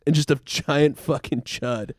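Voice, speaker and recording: A man's voice: fairly high pitch, a little slow, no echo, studio quality. A young man in casual podcast banter, telling rowdy stories with lots of swearing. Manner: profane, animated storyteller. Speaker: podcast co-host.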